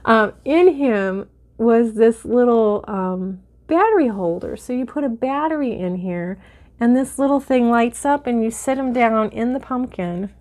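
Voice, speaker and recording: A middle-aged woman chatting excitedly while she shows off her finds and opens mail, a little teary-eyed. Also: on the high side, measured pace. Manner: chatty and excitable, with many fillers. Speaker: vlogger. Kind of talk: casual haul and mail-opening chat.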